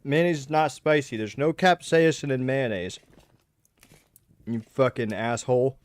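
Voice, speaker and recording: A man's voice: mid-range voice, a little slow, no room sound. A man streaming a game live, chatting casually, swearing often and groaning while he eats spicy food. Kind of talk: casual livestream chat.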